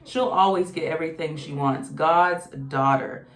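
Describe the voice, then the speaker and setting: A woman's voice: deep voice, unhurried. A woman casually reading tarot cards, chatty and exclamatory. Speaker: tarot reader. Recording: echoey room.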